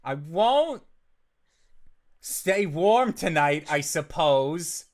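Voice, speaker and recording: A woman voicing a gruff, irritable man who talks bluntly and swears, as her character in a tabletop game. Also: low voice, animated, extremely slow, a little mellow, heavily acted. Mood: bargaining. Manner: blunt, profane, exasperated.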